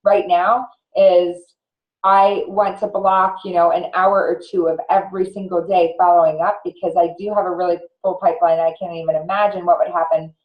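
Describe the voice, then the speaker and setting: A woman's voice: fairly low pitch, flat delivery, normal speed, roomy sound, highs cut off. A woman who is a guest on a casual live video chat, earnestly explaining practical tips step by step.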